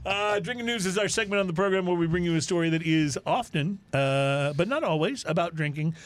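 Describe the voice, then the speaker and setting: A man co-hosts a podcast, chatting casually and reading out funny news stories as a jokey, animated storyteller. His voice sits high and moves fairly quickly.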